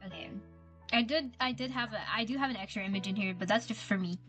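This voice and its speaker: A higher-pitched woman streamer talks casually over her game, gushing and playful, tripping over and repeating her words. Soft game music plays faintly underneath. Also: brisk. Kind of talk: casual gameplay commentary.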